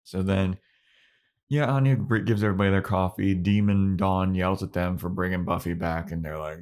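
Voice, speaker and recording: A man co-hosting a podcast, casually recapping a TV episode, animated, swearing and laughing often. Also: sits low, moderate pace. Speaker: podcast co-host.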